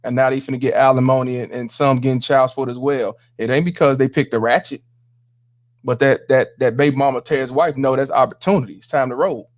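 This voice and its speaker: A man hosting a casual podcast chat, speaking emphatically and driving his points home. He repeats phrases for weight and sounds a little preachy. His voice sits at an ordinary middle pitch. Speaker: podcast host.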